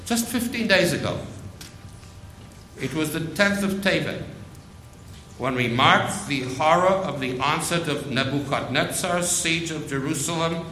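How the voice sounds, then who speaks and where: Slow, emphatic preacher man in echoey room. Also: fairly high pitch, lively intonation, sharp tone, a little hiss or hum. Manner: slow, emphatic, repeats phrases. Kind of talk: sermon.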